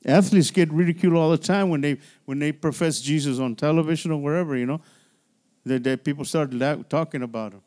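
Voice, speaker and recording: In a church sanctuary, a pastor preaches a midweek sermon in a conversational way, often restarting his sentences and using call-and-response. His voice is on the high side and a little mellow, and he speaks a little fast.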